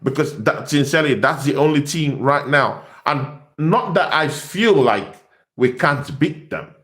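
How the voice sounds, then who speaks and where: A man giving an animated football fan rant, excitable and taunting, often repeating his words. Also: fairly high pitch, a little slow. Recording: echoey room.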